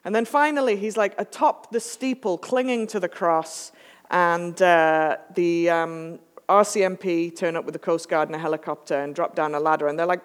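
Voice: mid-range voice, normal speed, clean tone. Pastor preaching in a reverberant church. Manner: relaxed, chatty, joking asides. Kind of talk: conversational sermon. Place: church sanctuary.

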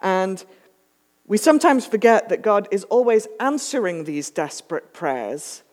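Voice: medium pitch, measured pace. Pastor preaching in a reverberant church. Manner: relaxed, chatty, joking asides. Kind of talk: conversational sermon. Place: church sanctuary.

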